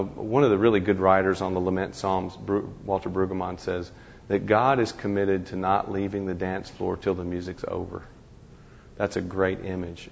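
A man talking through ideas in a reflective discussion, halting and restarting often. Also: sits low, creaky, darkish tone, long reverb tail, lo-fi sound, slight background noise. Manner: halting, many restarts and repeated words.

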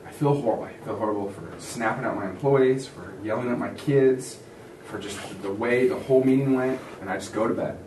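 A man preaching a sermon as a pastor, telling a story with lively acted-out voices of others. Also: medium pitch, normal speed, slight background noise. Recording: echoey room from a distance.

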